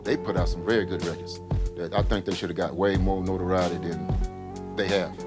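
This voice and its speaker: A man in a documentary interview, relaxed and appreciative. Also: low-pitched, moderate pace, loud music behind the voice.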